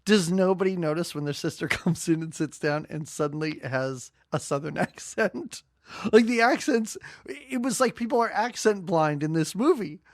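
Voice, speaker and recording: A man's voice: sits high, animated, moderate pace, no echo, clean studio sound. A man co-hosting a movie podcast in casual, rambling chat, often breaking off and restarting mid-thought. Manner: rambling, self-interrupting. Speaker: podcast co-host.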